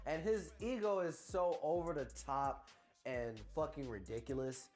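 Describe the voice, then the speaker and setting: A man's voice: on the high side, measured pace, a little mellow, faint music behind. Exasperated young man ranting an album review. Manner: exasperated, profane, stammering restarts.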